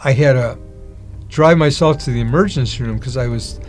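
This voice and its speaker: A man's voice: medium pitch, normal speed, a little mellow, soft background music. A man giving a personal testimony, telling his story and acting out the voices of the people he quotes. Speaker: testimony speaker.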